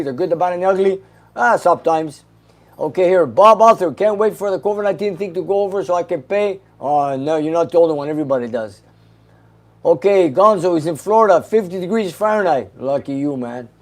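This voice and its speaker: A man hosting a casual livestream, reading viewer comments aloud and answering them briefly with an easy laugh. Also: high voice. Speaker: host reading live chat questions.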